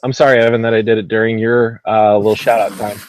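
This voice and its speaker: A man's voice: lowish voice, level tone, quick pace, low-quality recording. A man hosting a casual gaming podcast, rambling with lots of ums and uhs and poking fun at himself. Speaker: podcast host.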